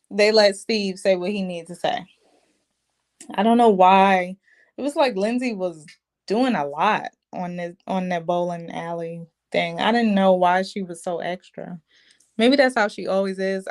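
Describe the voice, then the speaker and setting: A woman recapping a reality show episode in a chatty, opinionated, slangy way. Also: mid-range voice. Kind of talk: casual show recap commentary.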